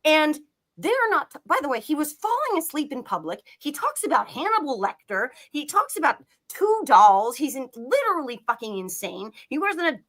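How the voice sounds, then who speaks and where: A woman's voice: high-pitched, big pitch swings, moderate pace, fairly bright tone. A woman giving a heated, profane political rant on a live talk show, talking emphatically. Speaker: political commentator.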